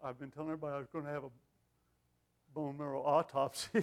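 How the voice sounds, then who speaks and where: An older man preaching a sermon with an animated, self-deprecating sense of humor, often laughing at himself. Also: fairly high pitch, fast talker. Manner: lively, animated delivery.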